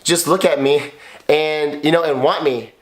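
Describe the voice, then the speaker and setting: A man's voice: fairly high pitch, fairly even intonation, a little slow, a bit bright, a little hiss or hum. A man in his thirties co-hosting a couple's podcast, talking in a raw, confessional way, blunt and emotional, cursing often and repeating himself. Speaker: podcast co-host, husband.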